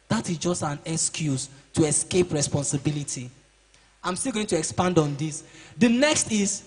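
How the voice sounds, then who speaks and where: A man with a high, slightly husky voice lectures a room of teenage boys. He preaches, fires questions at them and mimics their excuses. His voice rings out through a large, echoing hall. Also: expressive, normal speed. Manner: preachy, asks the audience questions and acts out excuses. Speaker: seminar speaker for boys. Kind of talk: motivational talk to teenagers. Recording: reverberant hall.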